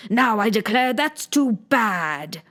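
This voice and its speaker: A haughty, self-important egg man perched on a wall, read by a woman drawls every word slowly and lectures as though each remark were a grand pronouncement. his tone is lofty and prickly, like someone easily offended, and he sounds far from the mic. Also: mid-range voice, animated. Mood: indignant.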